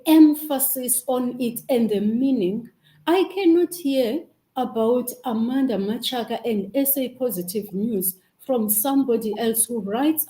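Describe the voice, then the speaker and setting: A woman's voice: on the high side, warm tone, roomy sound, rough recording. A woman with a Xhosa accent hosting over a video call, giving an emphatic, preacher-like inspirational talk. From South Africa. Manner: emphatic, preacher-like, rising bursts. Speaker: host.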